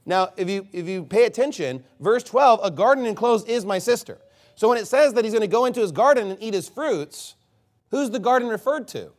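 A male pastor preaching from the pulpit, his voice sitting a little high for a man. He reads scripture at a measured, deliberate pace and then drives his points home with rhetorical questions and repeated phrases. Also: expressive. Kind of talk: sermon.

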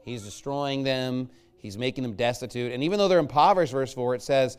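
A man's voice: a little fast, hardly any pauses, smooth. A man preaching a conversational sermon, emphatic, punching his points and tagging them with "okay?" and "all right?". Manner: lively, jumps between loud stresses and low asides.

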